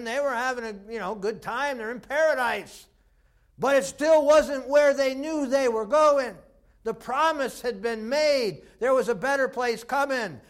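Male preacher, high-ish voice, folksy sermon storyteller. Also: fairly bright tone. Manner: folksy storytelling with frequent "boy" and "uh".

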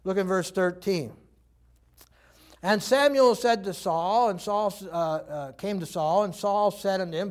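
An older man preaching a sermon in an animated way, acting out quoted voices and laughing often. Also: high voice, measured pace. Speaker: pastor.

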